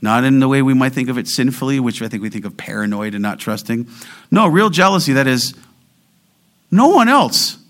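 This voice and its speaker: A pastor delivers an expository sermon in a mid-range voice, emphatically lifting key words. He reads scripture slowly and deliberately.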